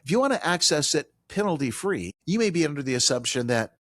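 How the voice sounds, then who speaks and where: A man hosting a money talk radio show, with a lively pitch that swings up and down as he drives home each point. His voice is dry and close, with no room around it. He presses his points hard and circles back to repeat them. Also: fast, no echo. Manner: emphatic, animated, repeats key points; casual banter with a colleague.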